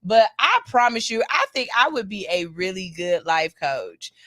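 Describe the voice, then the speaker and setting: A woman's voice: medium pitch, sing-song, moderate pace, pushed and bright, no room sound, clean studio sound. A woman hosting a morning radio show, chatting casually with loose, playful banter and cursing freely. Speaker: station engineer.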